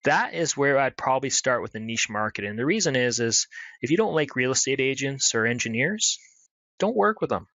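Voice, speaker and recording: A man giving a webinar presentation in a brisk, conversational way, full of fillers. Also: mid-range voice, expressive, fairly bright tone, no echo, muffled recording. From Canada. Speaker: marketing presenter.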